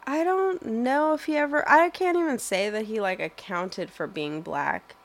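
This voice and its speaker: A woman's voice: fairly high pitch, measured pace. A young woman answering interview questions in a thoughtful, hesitant way, full of fillers and restarts.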